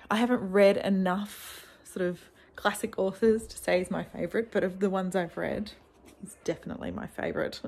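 Female book vlogger, unhurried delivery with a fry-edged voice, gushing and breathy-hushed when excited. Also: on the low side. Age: adult with sons. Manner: gushing, with gasps and hushed exclamations. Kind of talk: casual book-haul vlog.

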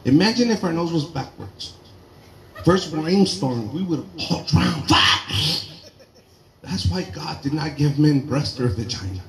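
A man doing a loud, profane stand-up comedy set, telling animated stories to a live audience in a garage. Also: fairly high pitch, a little slow. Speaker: stand-up comic. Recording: roomy garage with crowd laughter.

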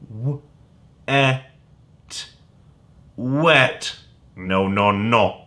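Slow, playful man teaching phonics. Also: medium pitch, big pitch swings, a bit bright. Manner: slow, playful, sounds words out letter by letter. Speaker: kindergarten teacher. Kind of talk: phonics lesson for young children.

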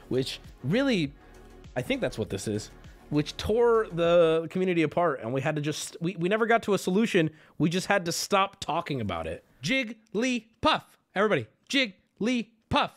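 A man livestreaming and talking casually to his chat, rambling, joking and swearing freely. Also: on the high side. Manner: rambling, profane, jokey.

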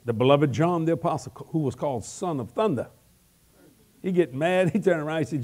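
An older man preaching a comic, animated sermon, with sudden shouts, laughing asides and folksy grammar. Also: a little high, a little fast. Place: large church hall.

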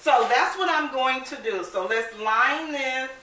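A woman hosting a casual cooking vlog, upbeat and chatty, often calling her viewers "baby" and saying she is excited. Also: high-pitched. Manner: excited, admits talking fast. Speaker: cooking channel host. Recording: roomy echo, mic at a distance, faint noise.

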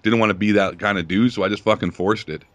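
Fast-talking profane young man. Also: fairly low pitch, steady tone, a bit bright, no echo. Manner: profane, rambling, laughs often. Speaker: podcast host. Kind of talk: crude casual storytelling.

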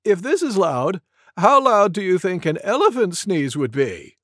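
A man's voice: high voice, very animated, measured pace, a bit bright, no room sound, studio quality, pitched above the performer's own voice, heavily acted. A man doing a curious storybook monkey. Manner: curious, questioning. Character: curious female monkey with a cold.

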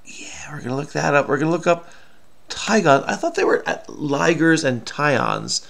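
A man's voice: fairly high pitch, very animated, normal speed, creaky, fairly bright tone. A middle-aged man solving a crossword aloud in a casual, self-muttering way, with many fillers and trailing off. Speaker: crossword solving video host.

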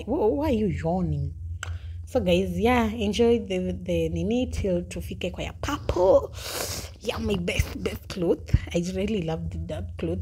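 A young woman with a Kenyan accent chatting casually in a vlog, bubbly and quick to laugh, switching between English and Swahili. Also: on the low side, warm tone, a little hiss or hum. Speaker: vlogger.

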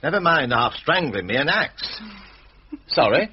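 A sardonic, weary village doctor. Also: male voice, a little high, sing-song, measured pace, lo-fi sound, slight background noise. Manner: dry, sardonic and knowing. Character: weary, irritated middle-aged village doctor.

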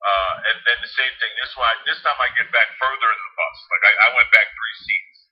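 A man, a podcast guest telling stories in a blunt, animated way and acting out quotes. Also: medium pitch, a little fast. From Harrison, New Jersey. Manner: animated storyteller, blunt and salty, acts out quotes. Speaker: podcast guest, former quarterback. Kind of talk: casual storytelling chat. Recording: dull lo-fi podcast audio.

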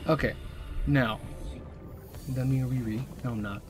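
Excitable young man playing a game. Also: mid-range voice, normal speed. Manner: excitable, chatters to the game creatures, jokey swearing. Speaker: gaming channel host. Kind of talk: let's play commentary. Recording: game music running underneath.

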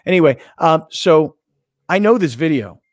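A man hosting a sports talk radio show, telling a story with excitement and acting out what others said. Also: a little high, moderate pace, no room sound, studio quality. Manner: excited storytelling, acts out quoted lines. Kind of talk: casual show banter.

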